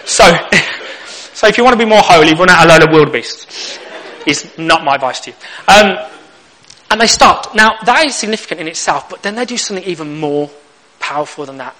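A man's voice: fairly high pitch, lively intonation, a little fast, pushed and bright, poor audio. A young man preaching a sermon, telling stories with humor and acting out little exchanges. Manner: humorous storytelling, acts out lines.

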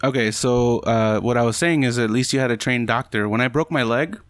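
A man's voice: mid-range voice, fairly quick, dry recording. A man joking and teasing in a casual chat among friends.

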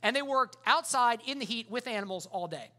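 A man's voice: very high voice, lively intonation, a little fast, sharp tone. A man preaching a sermon as pastor, in a casual, conversational way full of fillers.

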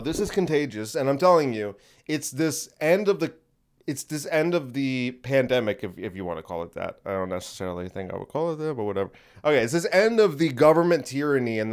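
A young man hosting a solo podcast, talking in an excitable, profane, rambling pep-talk manner. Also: mid-range voice. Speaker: podcast host and stand-up comedian. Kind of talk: casual solo podcast monologue.

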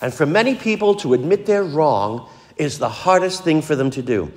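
An older man delivers a sermon in a somewhat high voice. He speaks earnestly and briefly acts out the people he quotes. His voice carries a long, ringing reverb. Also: expressive, normal speed. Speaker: preacher.

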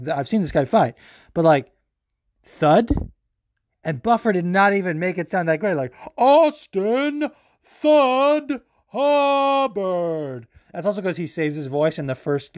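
A man's voice: medium pitch, darkish tone. A man hosting a podcast, talking in a casual, rambling and profane way. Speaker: podcast host.

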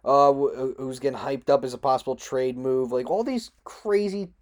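A man hosting a solo sports talk show, ranting in a frustrated, rambling way, swearing and jumping sharply up in pitch. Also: normal speed. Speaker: podcast host.

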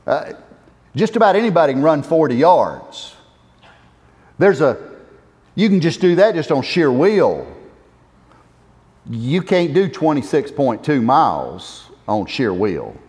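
Male pastor, passionate sermon, high and very lively voice, unhurried with big swells of emphasis. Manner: impassioned preaching, swelling to emphatic exhortations. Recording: echoey church hall reverb.

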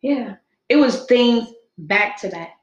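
A woman's voice: on the high side, slow pace, lo-fi sound. A young adult woman hosting a podcast, telling her own story in casual heartfelt talk, acting out quotes as she goes. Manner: expressive storytelling, acts out quotes. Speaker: podcast host. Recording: echoey room.

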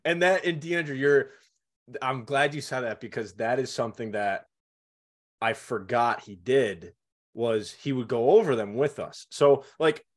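A young man in casual conversation, co-hosting and telling childhood stories with animated, acted-out quotes. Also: medium pitch, measured pace. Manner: animated storytelling, acts out quotes.

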